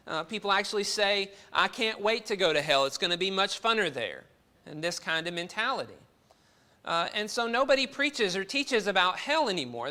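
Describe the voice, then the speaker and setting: A man's voice: high-pitched, sharp tone. A man preaching a sermon to his congregation, earnest and full of rhetorical questions.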